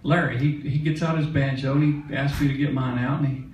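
A man's voice: mid-range voice, steady tone, fairly quick, a little mellow, slight background noise. Folksy older man telling a stage story. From Mississippi. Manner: folksy, chatty, laughing now and then. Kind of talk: onstage storytelling. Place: concert hall stage. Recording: echoey concert hall from a distance.

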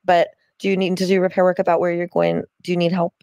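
A woman setting boundaries over the phone in a firm, measured, lecturing tone. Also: lowish voice, monotone, darkish tone, no room sound, clean studio sound. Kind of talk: calm therapy-speak argument.

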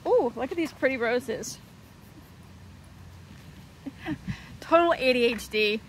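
Mom vlogging outside on a handheld cam, slightly high voice, rambly and all over the place, bit of background noise. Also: female voice, lively intonation, slow. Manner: chatty, scattered, flits between topics. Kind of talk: casual vlog. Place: outdoors on a windy day.

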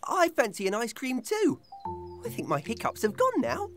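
An actor voicing a friendly, good-natured young male bear in a gentle animated children's series, earnest and worried. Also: medium pitch, normal speed, soft background music.

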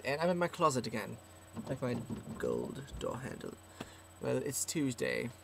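A man's voice: mid-range voice, gravelly, fairly bright tone, a little hiss or hum. A seventeen-year-old boy rambling casually to camera, self-mocking and trailing off, recorded in a small closet. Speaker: vlogger. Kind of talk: casual webcam vlog.

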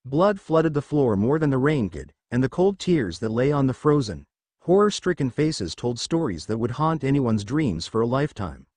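A man reading fan fiction aloud as narrator, in a steady storytelling manner. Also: medium pitch, normal speed, dry recording.

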